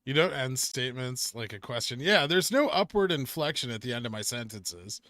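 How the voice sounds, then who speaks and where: Reading his stream's chat aloud and responding chattily, a Southern Californian man peppers his speech with "like." He has a medium-pitched, animated, sharp voice at normal speed, recorded dry with clean studio sound.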